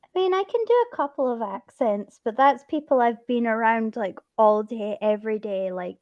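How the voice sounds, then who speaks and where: Chatty higher-voiced woman, mixed Scottish-English accent. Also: animated, highs cut off. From Scotland. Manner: rambling, chatty, quick to laugh. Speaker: stream host. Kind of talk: casual chat.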